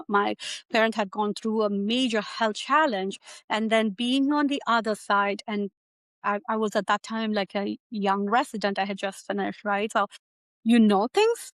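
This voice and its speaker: With no room sound behind her mid-range voice, a middle-aged Indian doctor responds to an interviewer's questions. Her manner is conversational, peppered with "like" and a habitual "right?" at the end of sentences.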